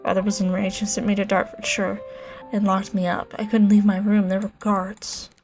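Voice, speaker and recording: A woman reading the lines of a heartbroken, bitter young male dragon rider in a game, in a subdued, halting way, with faint game music behind. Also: mid-range voice, little pitch movement, darkish tone, lightly acted. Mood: bitter, grieving.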